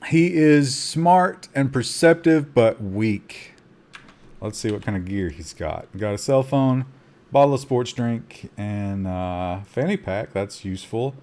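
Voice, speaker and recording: A man streaming a survival game, giving live commentary with excitable gasps between calm asides and talking to his chat. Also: mid-range voice, slow pace. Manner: talks to chat.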